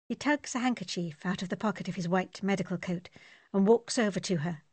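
A woman narrating an audiobook in a steady, descriptive manner. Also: lowish voice, fairly quick, no echo.

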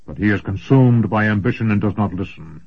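Guy voicing a big grumpy old wizard, low rumbly lecturing voice, lo-fi muffled. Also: brisk, husky. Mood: gruff. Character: massive, gruff old male sorcerer, skeptical. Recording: dull lo-fi recording.

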